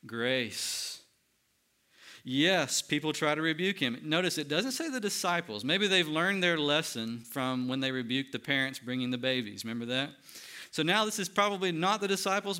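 A man preaching a sermon, swinging between loud emphatic lines and hushed, quiet ones. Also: on the high side. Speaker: pastor.

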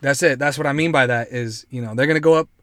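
A man hosting a podcast, reading news stories aloud and riffing on them in a joking, profane, animated way. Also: mid-range voice, quick pace, dry recording, clean studio sound. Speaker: podcast host.

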